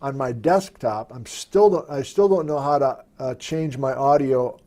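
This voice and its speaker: A man's voice: mid-range voice, measured pace. Chatty man hosting a live stream. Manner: thinking aloud while working the software. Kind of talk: casual live-stream chat. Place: at a desktop computer.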